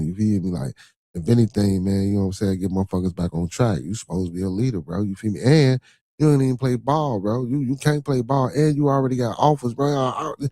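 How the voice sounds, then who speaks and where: A middle-aged man with a Chicago accent carries a casual livestream podcast monologue in a brisk, dark voice on the low side, captured as a dry recording. He's loose and foul-mouthed, and he keeps throwing questions at the listener, "you feel me" above all, after almost every thought.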